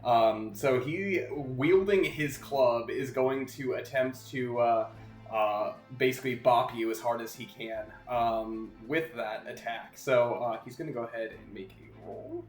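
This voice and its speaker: A man's voice: medium pitch, a little slow. Roomy-sounding man running a tabletop game. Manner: loose and rambling, full of "uh" and "like". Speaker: game master. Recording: roomy echo, faint music behind.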